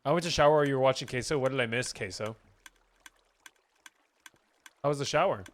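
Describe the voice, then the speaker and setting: A man's voice: medium pitch, brisk, slight background noise. A young man streaming a game, chatting casually and reading chat aloud, rambling and swearing, with keyboard typing behind him.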